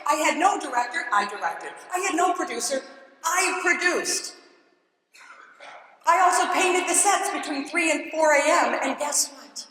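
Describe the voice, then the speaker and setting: A woman tells her faith story with dramatic flair, her voice high and bright. She is a keynote speaker in a large church, and the sound rings out in a long, echoing hall reverb. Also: lively intonation, a little slow. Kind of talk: testimony talk at a women's church event.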